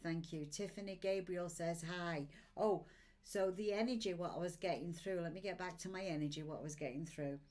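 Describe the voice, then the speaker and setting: This sixty-something oracle card reader speaks at a moderate pace in a fairly low, slightly mellow voice. During her live stream she reads out viewers' comments and offers them upbeat encouragement.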